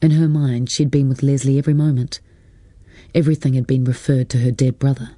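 A man reading a literary novel as an audiobook narrator, measured and even. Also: medium pitch, no echo, clean studio sound.

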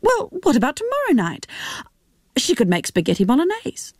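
A woman's voice: sits high, huge pitch swings, moderate pace, dry recording, studio quality, voice pushed up. A woman voicing a fussy, prying middle-aged mother on the phone, pressing her son with insistent questions in a radio reading of a novel. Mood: coaxing.

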